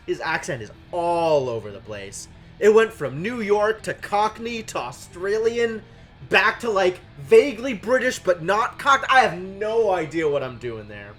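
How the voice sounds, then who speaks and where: A woman's voice: on the low side, unhurried. Chatty woman streamer over game music. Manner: chatty, excitable, self-mocking. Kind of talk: let's play commentary.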